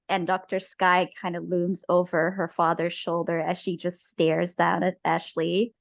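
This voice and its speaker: A woman narrating as game master of a tabletop game. She speaks slowly and haltingly, pausing often. The sound is dry and close. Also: lowish voice, little pitch movement, creaky, dry recording. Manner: halting, many filler pauses.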